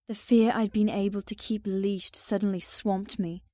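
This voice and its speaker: Mellow-voiced woman narrating an audiobook. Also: medium pitch, steady tone, moderate pace, no room sound, studio quality. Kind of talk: first-person audiobook narration.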